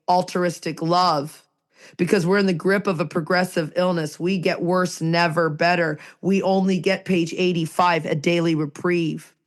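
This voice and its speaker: Earnest, emphatic woman co-hosting a podcast. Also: on the low side. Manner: earnest, emphatic, repeats phrases for effect. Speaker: podcast co-host. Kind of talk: casual recovery podcast talk.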